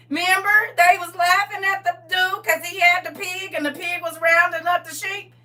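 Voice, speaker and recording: A woman pastor talking casually on a live stream about faith, swinging from loud exclamations to hushed asides. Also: extremely high pitch, fairly even intonation, normal speed, recorded from a distance.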